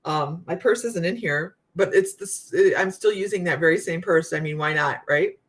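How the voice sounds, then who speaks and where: A woman psychic medium hosting a casual live chat, telling stories to her viewers in a chatty, animated way. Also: on the low side, moderate pace. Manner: chatty storytelling, Southern US "y'all".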